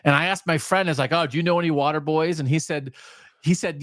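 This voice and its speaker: A man co-hosting a sports talk podcast, chatting casually and telling rambling, animated stories. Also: fairly high pitch, fast talker, no room sound, clean studio sound. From US Mid-Atlantic region. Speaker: podcast co-host. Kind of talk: casual chat.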